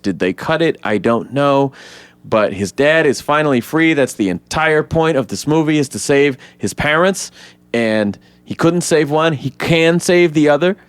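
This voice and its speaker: A man in casual podcast chat who walks through a movie scene by scene. He keeps jumping into high, excited voices to act out the characters, and his voice sits at a middle pitch. The sound is close and dry. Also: smooth, dry recording. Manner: animated storyteller, acts out characters in high voices. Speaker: podcast co-host. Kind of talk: casual film recap chat.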